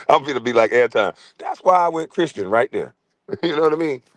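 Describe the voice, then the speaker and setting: A middle-aged man streaming a profane comic rant, crude, loud and laughing often. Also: mid-range voice, animated, a little fast, no room sound.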